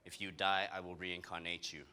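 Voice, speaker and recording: A South African man voicing God as a deep, solemn male deity who hands out gifts in slow, weighty pronouncements. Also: flat delivery, bright, forceful tone, smooth.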